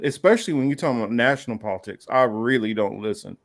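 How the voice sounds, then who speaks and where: A man's voice: medium pitch, racing. A man in a casual podcast chat who stammers and repeats himself. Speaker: podcast co-host.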